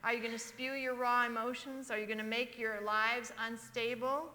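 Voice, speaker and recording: A woman's voice: a little high, steady tone, normal speed, bright, forceful tone. A woman in her sixties preaching a sermon, emphatic and asking the congregation questions. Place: church sanctuary. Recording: reverberant church livestream.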